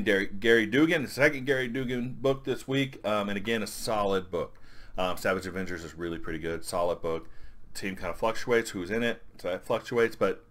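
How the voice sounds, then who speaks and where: A man's voice: on the low side, fairly bright tone. A man reviewing a comic in a casual, rambling way, with lots of fillers.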